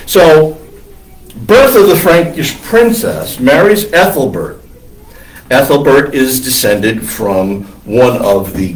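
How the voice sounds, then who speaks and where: A priest lecturing on church history in a classroom, wandering into digressions with many ums and uhs. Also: male voice, medium pitch. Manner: discursive, digressive with many fillers. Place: classroom with students. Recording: roomy classroom from far off.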